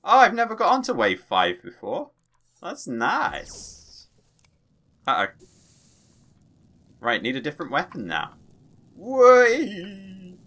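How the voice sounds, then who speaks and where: A man giving excitable, playful let's play commentary as a gaming channel host, tossing in his own sound effects. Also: medium pitch, measured pace, long pauses.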